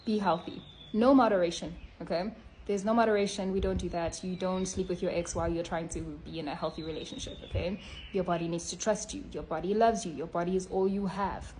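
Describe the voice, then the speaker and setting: A woman's voice: on the low side, fairly even intonation, brisk, darkish tone, slight background noise. A woman vlogging to her phone, blunt and scolding, ending points with a tag question. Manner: blunt, scolding, repeats "okay?" often. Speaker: health vlogger. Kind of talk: casual direct-to-camera vlog.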